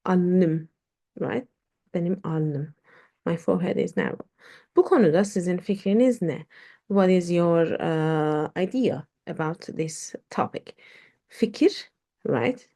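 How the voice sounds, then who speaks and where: Slow, gravelly-voiced woman teaching. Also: on the low side, mellow. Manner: slow, hesitant explaining with many fillers. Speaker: Turkish teacher. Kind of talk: online language lesson.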